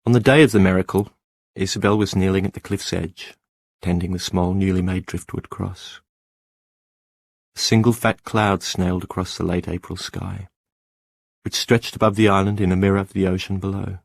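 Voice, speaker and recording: A man narrating an audiobook in a measured, lyrical reading. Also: low voice, steady tone, creaky, no room sound.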